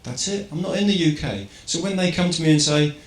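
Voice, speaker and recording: A man's voice: on the high side, fairly quick. A man from England gives an informal talk to a live audience, asking rhetorical questions and checking in with the crowd as he goes. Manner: conversational, rhetorical questions, keeps checking in with "right?". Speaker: public speaker. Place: event hall. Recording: echoey hall with faint ambience.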